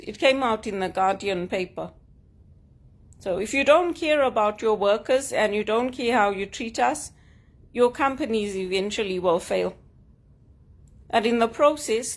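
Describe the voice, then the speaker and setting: A woman vlogging at home, talking frankly and with grievance in short emphatic statements. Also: mid-range voice. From Zimbabwe. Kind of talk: personal vlog monologue. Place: at home, sitting on a couch.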